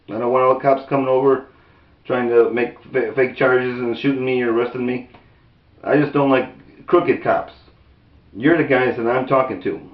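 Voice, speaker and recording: Indignant man ranting in a roomy room. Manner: indignant, rambling, with restarts and raised pitch when quoting. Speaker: video commentator. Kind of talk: angry unscripted commentary. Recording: roomy, distant, dull lo-fi sound.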